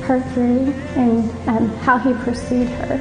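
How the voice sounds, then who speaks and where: A woman giving an emotional personal testimony in church, slow and with fillers. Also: on the high side, flat delivery. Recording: echoey hall with music underneath.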